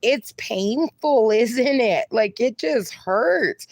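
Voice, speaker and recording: A woman's voice: on the high side, expressive, extremely slow, hardly any pauses, darkish tone, no echo. Lady chatting on her live stream, reading comments out, dry close sound. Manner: chatty, affectionate, calls viewers darling. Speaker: livestream host. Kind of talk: casual live-stream chat, reading viewer comments aloud.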